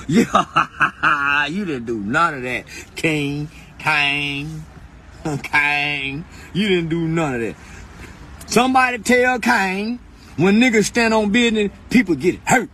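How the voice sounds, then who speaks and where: A man hosting a podcast, delivering a loud, profane, laughing freestyle rant that swings between high outbursts and low mutters. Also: a little hiss or hum. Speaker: podcast host.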